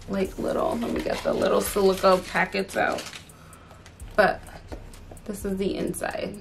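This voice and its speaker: A woman's voice: medium pitch, fairly bright tone, a little hiss or hum. A young adult woman chatting casually through a handbag unboxing, chatty and exasperated, full of fillers. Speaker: fashion vlogger.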